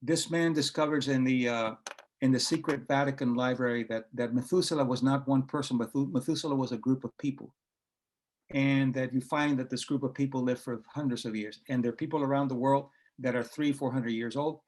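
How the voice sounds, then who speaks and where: A man's voice: medium pitch, fairly even intonation, a little fast, darkish tone. A man talking in a conversational interview, telling anecdotes and acting out quoted dialogue, with frequent hesitations and restarts. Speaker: guest author and researcher.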